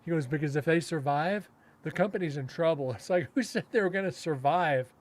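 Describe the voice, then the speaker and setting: Casual male podcast host, slightly high-pitched, loose rambling storyteller who acts out quotes. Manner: rambling, with frequent fillers and self-restarts, chuckling; acts out other people's lines in quick quotes. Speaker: paranormal investigator and podcast host.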